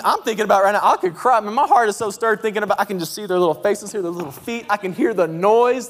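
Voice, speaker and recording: A man in his thirties preaching in a church, telling a story with deep emotion and shouting out his kids' voices. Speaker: pastor. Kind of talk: sermon. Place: church sanctuary. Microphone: handheld mic. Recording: long hall reverb in a church.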